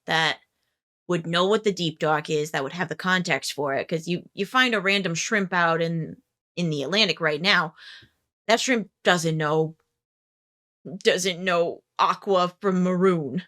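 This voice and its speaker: A woman's voice: on the low side, a little slow, a bit bright. A woman narrating as game master in a tabletop game, rambling with jokey asides.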